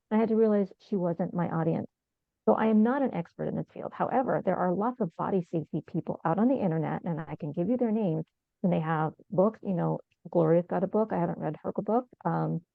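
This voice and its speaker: A woman's voice: on the low side, gravelly, no room sound. A middle-aged woman speaking earnestly and with animation on a panel, repeating her points. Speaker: panelist, survivor advocate. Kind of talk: casual panel discussion. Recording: tinny, phone-like video call sound, dry.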